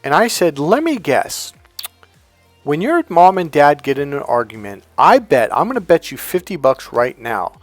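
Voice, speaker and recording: A man talking as a life coach, telling a story casually and acting out the dialogue with lively changes in voice. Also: a little high, normal speed, no echo, soft background music. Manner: animated, acts out quoted dialogue.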